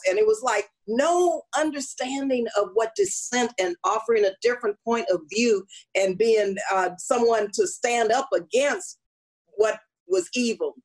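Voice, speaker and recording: A woman's voice: a little high, a little slow, low-quality recording. A woman politician guesting in an interview, telling stories in an earnest, emphatic way. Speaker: congresswoman, guest. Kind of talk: conversational interview.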